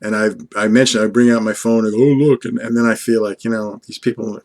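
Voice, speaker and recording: Rambling older man with a low voice. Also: flat delivery, fast. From Long Island, USA. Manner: earnest, rambling, fond, talks to an unseen companion. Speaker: vlogger. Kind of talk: casual vlog monologue.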